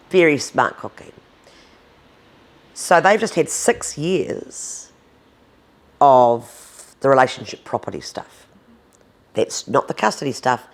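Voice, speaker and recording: This New Zealand woman, a domestic violence advocate in her fifties, doesn't soften anything she says during a candid interview. There's grit in her voice, her pitch lurches up and down to stress her points, and the swearing comes freely.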